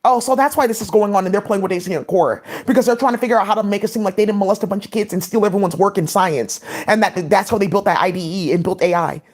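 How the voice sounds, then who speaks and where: Woman vlogger, fast rambling monologue, filler-heavy, mid-pitched. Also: a little mellow. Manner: rapid, scattered, many "like" fillers.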